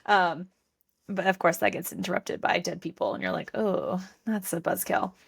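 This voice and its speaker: A woman's voice: lowish voice, steady tone, moderate pace, gravelly, slightly rough. Gushing woman book podcast co-host. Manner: gushing, laughing, reads lines aloud in playful voices. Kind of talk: casual book chat.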